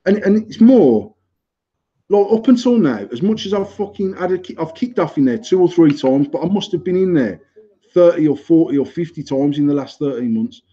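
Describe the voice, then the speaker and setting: A man's voice: fairly high pitch, expressive, normal speed, dark tone, slightly rough. A British man in his thirties hosting a podcast, telling a heated, sweary story in casual chat. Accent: British English. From United Kingdom. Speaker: podcast host. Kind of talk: casual chat, ranting anecdote. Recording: slightly muffled lo-fi recording.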